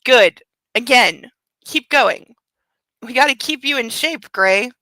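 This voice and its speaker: A woman's voice: fairly high pitch, lively intonation, slow, sharp tone, no room sound, full character voice. A woman reading as a bossy boxing coach. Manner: curt commands. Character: bossy male boxing trainer, teasing.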